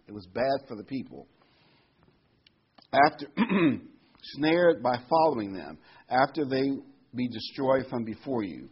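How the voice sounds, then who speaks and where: A man's voice: on the low side, husky, muffled recording. A man delivering a sermon, reading Bible verses aloud and then explaining them in plain everyday words. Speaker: preacher.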